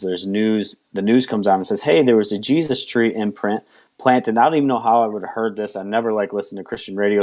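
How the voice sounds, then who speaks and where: A man's voice: fairly low pitch, darkish tone. A man as an interview guest giving a candid personal testimony, acting out his own past words as he tells it.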